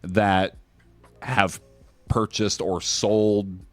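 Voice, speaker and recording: A man's voice: on the low side, level tone, drawn-out words, dry recording, faint music behind. A man hosting a casual podcast chat, loose and joking, with plenty of swearing. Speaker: podcast host.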